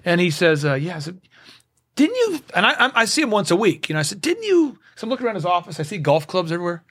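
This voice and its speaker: High-voiced man telling lively stories. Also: rapid-fire. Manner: animated storyteller acting out both sides of dialogues. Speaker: guest. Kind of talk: casual studio conversation. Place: studio.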